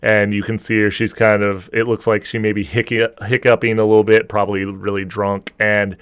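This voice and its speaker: A man running a tabletop game as game master, describing scenes with many pauses and restarts. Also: on the low side, flat delivery, fairly bright tone, smooth, no room sound, clean studio sound. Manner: hesitant, many ums and restarts while describing.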